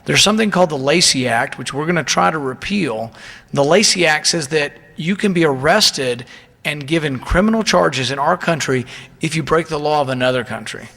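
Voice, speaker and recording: Male politician at the podium, indignant and emphatic, bright forceful voice, reverb from a big hall. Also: on the high side, lively intonation, moderate pace, gravelly. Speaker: politician giving a speech. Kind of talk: public speech.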